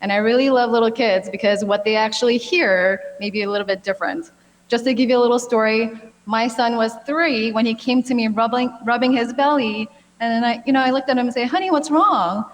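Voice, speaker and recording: A woman in her thirties gives a friendly, chatty talk as a gynecologic cancer doctor. Her voice sits fairly high and she pads her sentences with easy fillers. A long reverb trails behind her words in a large hall. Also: fairly even intonation, fairly quick. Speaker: gynecologic oncologist giving a talk. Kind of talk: health expo presentation.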